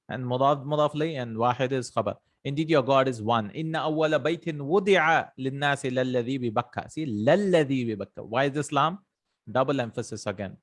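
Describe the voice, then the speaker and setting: A man's voice: on the high side, fairly bright tone. A man teaching an Arabic grammar lesson, explaining step by step, reading out example sentences and translating them, and often checking in with "right?" and "hmm?".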